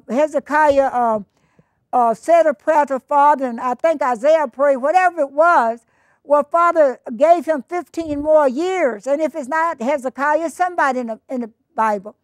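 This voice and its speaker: A woman with a high voice preaches in a loose, conversational way, drifting into asides and acting out what people say. The sound is dry and close, with no room echo. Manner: conversational, acts out quoted voices, rambling asides. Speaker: Bible teacher. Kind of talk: informal sermon.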